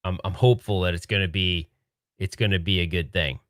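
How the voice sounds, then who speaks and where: Low-voiced male streamer, hushed casual chat that keeps breaking into laughs, dry room. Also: a little fast, dry recording. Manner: laughing, joking, excitable but hushed. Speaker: livestream host. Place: home room at night.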